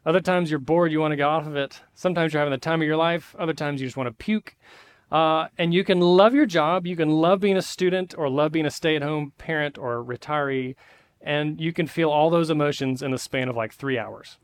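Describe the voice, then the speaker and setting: Conversational preacher. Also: male voice, a little high, fairly quick. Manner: conversational, frequent "uh" fillers. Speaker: pastor. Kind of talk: sermon. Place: church sanctuary.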